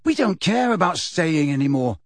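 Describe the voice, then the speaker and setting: A man's voice: on the high side, sing-song, normal speed, no room sound, pitched above the performer's own voice. A man voicing a cool, mischievous teenage boy who teases and plots pranks. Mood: teasing. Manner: cool, teasing.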